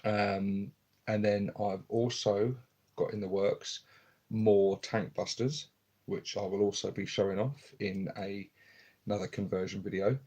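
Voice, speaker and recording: A man chatting quietly and casually on a live stream at home, filmed on his phone, rambling with lots of ums. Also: fairly low pitch, steady tone, a little slow, breathy edge. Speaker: hobby streamer. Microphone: phone camera.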